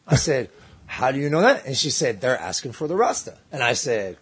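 A man's voice: mid-range voice, a little fast, breathy edge. A man telling a rowdy story to friends in casual talk, swearing freely and acting out the voices of people in it. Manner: animated, swearing, acts out voices in his stories.

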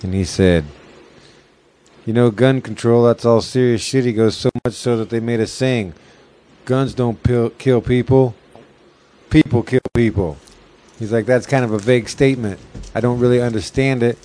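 A man's voice: mid-range voice, steady tone, normal speed, dark tone. A man in a loose, swearing chat among friends, laughing often and rambling through stories. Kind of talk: casual stoned banter.

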